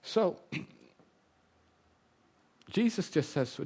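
A man preaching a sermon, lively and humorous, acting out the voices he quotes. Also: fairly high pitch, slow, slightly rough.

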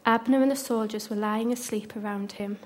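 A woman retelling a Bible story with commentary, expressive and dropping to whispers for suspense. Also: medium pitch, a little fast. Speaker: Bible teacher.

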